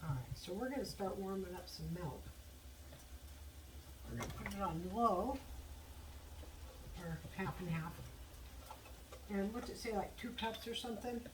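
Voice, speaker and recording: A woman talks her way through making dinner in her home kitchen, chatty and blunt, tossing in swear words as she goes. Her voice sits at an ordinary middle pitch. She is heard from some distance off the mic, with a clear layer of noise behind her. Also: animated, measured pace, long pauses. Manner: chatty, blunt, swears casually, talks to herself while cooking. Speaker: home cooking vlogger. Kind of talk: casual kitchen chat.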